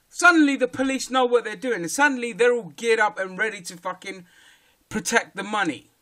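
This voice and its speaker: A man with a rather high voice, speaking for himself in a fired-up commentary. He talks heatedly and bluntly, with plenty of swearing and hard emphasis. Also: fairly bright tone. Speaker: political commentator. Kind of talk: opinion rant.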